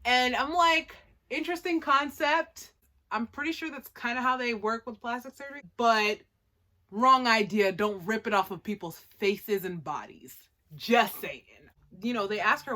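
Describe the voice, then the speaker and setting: A woman casually recapping an anime episode, chatty and animated, with lots of "like" and laughing asides. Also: a little high, normal speed. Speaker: anime reviewer.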